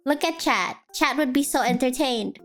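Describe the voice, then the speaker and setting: A woman's voice: high voice, expressive, normal speed, soft background music. A woman streaming in casual chat, playful and giggly, talking to her viewers. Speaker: streamer host.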